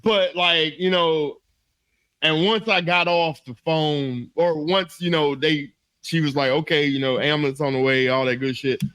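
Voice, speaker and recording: A man co-hosting a comedy podcast, telling a story in an animated, laughing way and acting out his own panicked voice. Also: fairly high pitch, unhurried, smooth, no room sound. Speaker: podcast co-host.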